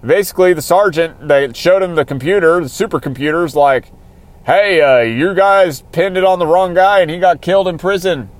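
A man's voice: a little high, moderate pace, rough recording. A man hosting a podcast, recapping a TV episode in a casual, rambling way from inside a car while driving. He keeps talking himself into getting worked up. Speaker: podcast host.

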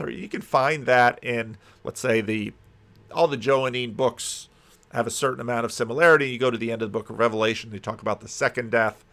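Man, bible teacher, conversational scripture commentary, thinks aloud, emphatic, mid-pitched voice. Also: moderate pace, a bit bright.

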